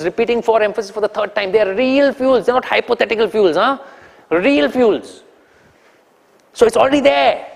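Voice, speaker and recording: Indian guy doing a corporate training talk, high gravelly voice, big hall echo. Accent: Indian English. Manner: animated, teasing, asks the audience questions.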